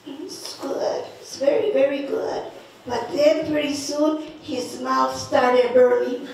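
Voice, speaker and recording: Slow, high-voiced woman storyteller from New Mexico. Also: gravelly. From northern New Mexico. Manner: lively, laughing, slow telling. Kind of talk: folk tale storytelling. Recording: echoey, from far off.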